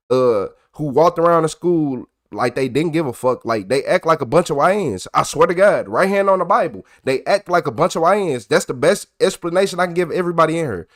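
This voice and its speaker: High-voiced young man ranting to his livestream chat. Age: young adult. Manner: animated, profane, gets loud and worked up while retelling. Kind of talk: casual storytelling to a live chat.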